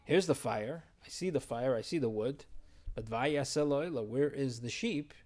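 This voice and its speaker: A man's voice: mid-range voice, normal speed, darkish tone. A man teaching a verse-by-verse Torah text study, explaining and translating Hebrew phrases as he goes.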